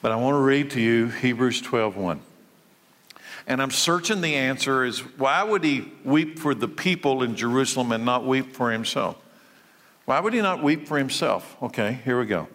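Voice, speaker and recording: A man preaching a sermon, his voice surging high and loud at its peaks, then sinking low and quiet. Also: animated, moderate pace, big-room sound. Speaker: pastor.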